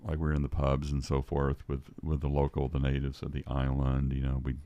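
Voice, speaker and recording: Older guy, super deep voice, rambling story on a podcast, dry close mic. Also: completely flat delivery, fairly quick, dark tone, no echo, highs cut off. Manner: rambling, with repeated restarts. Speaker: podcast guest. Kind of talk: storytelling in casual conversation.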